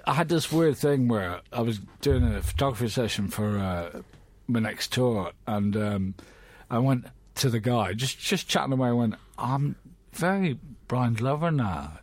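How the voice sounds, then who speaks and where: A man's voice: mid-range voice, moderate pace, darkish tone, no echo. A middle-aged man hosting a podcast, chatting casually and teasing his guests bluntly. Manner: teasing, blunt, swears freely. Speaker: podcast host. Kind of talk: casual chat.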